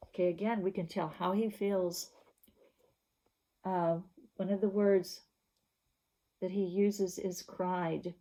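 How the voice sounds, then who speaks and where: A woman teacher takes a reading lesson for young children slowly and patiently. She keeps prompting the class with questions and waits for their answers. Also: fairly low pitch, fairly even intonation, dark tone.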